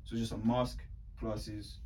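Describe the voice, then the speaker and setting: A young man, casually telling stories in an animated, slangy way and acting out what people said. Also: lowish voice, slow pace. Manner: animated, slangy, acts out voices in anecdotes. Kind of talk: casual chat, storytelling. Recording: distant mic with faint ambient noise.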